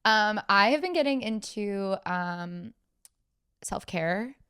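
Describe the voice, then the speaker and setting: A young woman co-hosting a podcast in casual chat, animated and joking, quick to correct people. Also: medium pitch, clean tone, no echo, clean studio sound. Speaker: podcast co-host.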